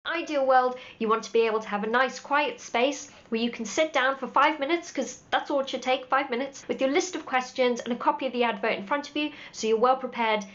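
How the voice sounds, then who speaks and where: A woman's voice: sits high, fairly quick, few pauses, a bit bright. A woman, working as a horse dealer, giving direct, practical advice with dry humour. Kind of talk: scripted advice talk to camera. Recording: dull lo-fi audio.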